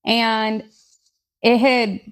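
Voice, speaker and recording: A woman, a podcast co-host telling personal stories in casual chat, blunt and candid with dark humor. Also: on the high side, flat delivery, extremely slow. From Tennessee, USA. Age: 20s.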